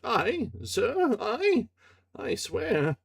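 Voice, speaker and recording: Man doing a shrill old woman, yelping, indignant, high and swooping, husky. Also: wildly swooping pitch, very slow, full character voice. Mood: outraged. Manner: shrill, choked, yelping outbursts.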